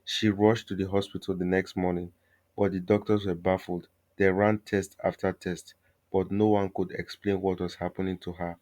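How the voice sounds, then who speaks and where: A man narrating a scripted folktale in a steady, measured storytelling manner. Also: low voice.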